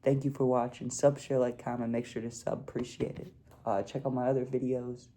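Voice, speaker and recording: A man's voice: mid-range voice, flat delivery, a little fast, warm tone. A young man telling a casual storytime vlog, laid-back and peppering his talk with "dude" and "like". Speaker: vlogger.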